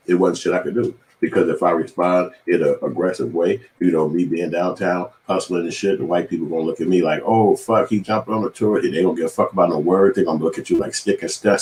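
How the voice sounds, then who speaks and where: Deep-voiced man ranting heatedly. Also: a little mellow, reverberant. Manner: profane, heated, impassioned. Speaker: commentator. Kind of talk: ranting news commentary.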